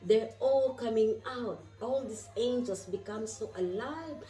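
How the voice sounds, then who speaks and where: A woman's voice: a little high, unhurried, mellow, reverberant, far from the mic, soft background music, rough recording. A woman vlogging from inside a moving car, effusive and spiritual, often asking her viewers "isn't that wonderful". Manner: effusive, repeats questions to viewers. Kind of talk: spiritual travel vlog.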